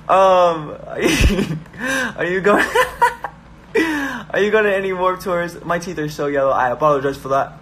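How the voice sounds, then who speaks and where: A man's voice: high-pitched, big pitch swings, slow, fairly bright tone, slight background noise. Hyper, joking young man on stream. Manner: hyper, joking, reads viewer comments aloud. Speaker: YouTuber hosting a live stream. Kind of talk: casual live-stream chat. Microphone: phone.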